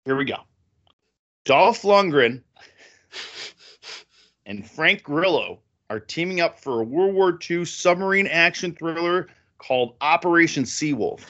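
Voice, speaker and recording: A man co-hosting a casual movie podcast, excitable and laughing, his voice jumping high when he gets worked up. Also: measured pace, pauses often, highs cut off. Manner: excitable, jumps high in pitch when thrilled. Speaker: podcast co-host.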